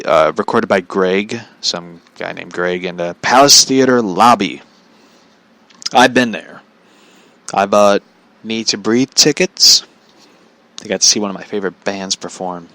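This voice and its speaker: A man hosts a podcast in loose, casual chat. His voice sits fairly low but swings widely, with a bright, forward edge. He rambles and stalls, filling gaps with "like". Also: no echo. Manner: rambling, halting, full of "like" fillers and chuckles. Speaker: podcast host.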